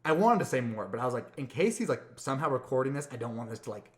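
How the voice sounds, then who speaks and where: Brief: male podcast co-host, rapid storyteller, rambling and repetitive, acts out the quotes. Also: mid-range voice, sing-song, reverberant. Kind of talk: casual storytelling chat.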